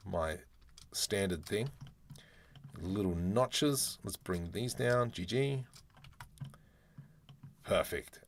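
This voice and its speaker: A man from Australia with an Australian accent, chatting and joking as he talks through his work in a live-streamed 3D modeling tutorial. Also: low-pitched. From Australia (Adelaide). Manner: chatty, joking, talks to himself while working. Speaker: 3D artist streamer.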